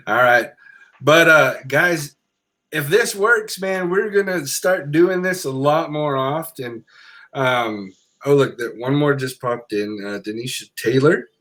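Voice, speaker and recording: A middle-aged man hosting a podcast, relaxed and hesitant with many fillers, reading out listener comments. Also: a little high, takes it slowly. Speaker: podcast host. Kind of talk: casual chat.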